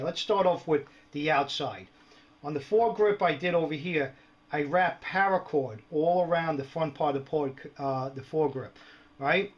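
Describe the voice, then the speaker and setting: Chatty man. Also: fairly high pitch. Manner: chatty, joking, frequent "right?" and "all right". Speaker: prepper video host. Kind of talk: casual show-and-tell vlog. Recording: dull lo-fi home video audio.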